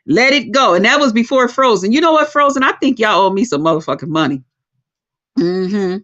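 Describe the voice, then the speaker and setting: Woman, livestream host, casual profane storytelling, very expressive pitch, lo-fi sound. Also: fairly quick. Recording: lo-fi dull sound.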